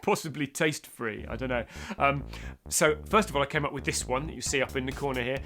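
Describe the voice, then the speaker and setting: A man's voice: mid-range voice, fast, sharp tone, faint music behind. A middle-aged man from the UK giving a casual songwriting lesson, chatty with self-deprecating asides. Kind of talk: casual instructional talk.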